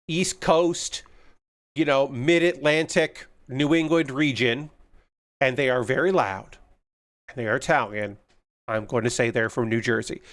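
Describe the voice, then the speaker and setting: This man's voice sits a little high and sounds fairly bright. Hosting a live stream, he tells casual, rambling anecdotes full of ums and uhs.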